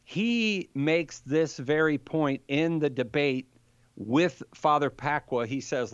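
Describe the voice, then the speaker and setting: A man in his fifties, a podcast guest, telling a story in an animated way and chuckling as he goes. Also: on the high side, slow, smooth, no echo. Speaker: guest apologist. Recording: dull, dry sound.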